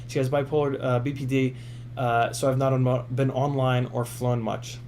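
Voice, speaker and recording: A man's voice: medium pitch, little pitch movement, normal speed, a little mellow, slight background noise. A man hosting a casual live stream, reading viewer comments and answering them in an earnest, encouraging way with many fillers.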